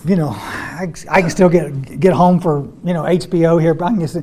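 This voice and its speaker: A man's voice: a little high, steady tone, normal speed, mellow. An older man speaking to a recovery group, folksy and repeating words as he tells his story. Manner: folksy, repeats words, addresses audience as y'all. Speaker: AA step study speaker.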